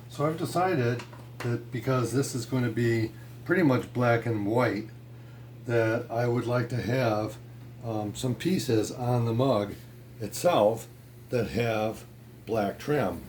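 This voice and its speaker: A man teaching a ceramics how-to in a pottery studio, relaxed and chatty with many fillers. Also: mid-range voice, a little hiss or hum. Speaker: ceramics instructor. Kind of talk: casual how-to demonstration.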